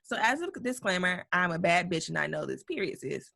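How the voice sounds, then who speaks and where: A woman's voice: on the low side, lively intonation, a little fast, creaky, bright, forceful tone. A woman co-hosting a casual podcast, reading a listener's email aloud with slang, swearing and bursts of laughter. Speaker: podcast co-host.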